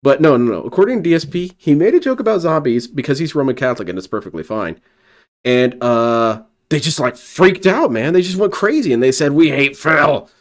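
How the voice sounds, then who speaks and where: A man's voice: fairly high pitch, sing-song, a little fast. A man reacting to clips on a stream, talking back at them with sarcastic, mocking commentary.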